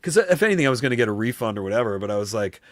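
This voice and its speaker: A man hosting a live stream, telling a long story to his chat in a rambling, animated way, swearing freely and acting out other people's voices. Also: medium pitch, rapid-fire, dry recording. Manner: rambling, animated, swears a lot, often says "you know what I mean".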